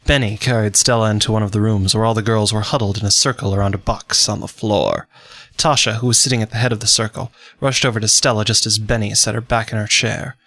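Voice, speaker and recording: Bright-voiced male radio-drama narrator. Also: on the low side, fairly even intonation, dry recording. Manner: dramatic, measured. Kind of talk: scripted narration.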